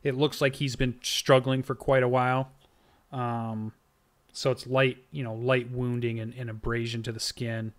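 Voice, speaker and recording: A man's voice: mid-range voice, moderate pace. A man running a tabletop fantasy game as dungeon master, narrating with lots of ums and restarts. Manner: relaxed, filler-heavy narration.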